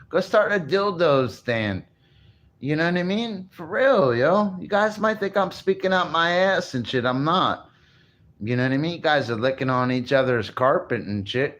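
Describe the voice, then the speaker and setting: A man talking straight to his viewers in a loose, rambling monologue. He brags, swears freely and keeps laughing at his own jokes. His voice sits at an everyday middle pitch. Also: muffled recording. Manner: boastful, crude and rambling, breaking into laughs. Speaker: vlogger.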